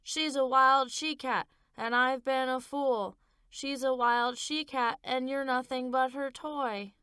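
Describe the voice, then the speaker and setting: A woman voicing an eager, chatty little boy with a high, bouncy voice in an audiobook reading. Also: very animated, slow pace, dry recording, clean studio sound, heavily acted. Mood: singing. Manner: bright, bouncy, high-pitched.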